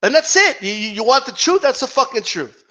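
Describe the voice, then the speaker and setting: A man's voice: very high voice, sing-song, brisk, bright, forceful tone. A man giving heated, profane boxing commentary, arguing with imagined fans and stumbling over repeated words. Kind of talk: ranting vlog commentary. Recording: dull lo-fi sound.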